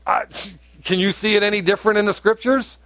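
Pastor guy preaching hard, high voice, gets fired up. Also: brisk, no room sound. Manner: animated preaching, rising to emphatic peaks. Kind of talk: sermon.

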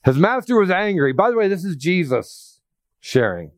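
A young adult man preaching a sermon in a chatty, animated way, acting out scripture as he goes. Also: high voice, normal speed, no echo, clean studio sound. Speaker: pastor.

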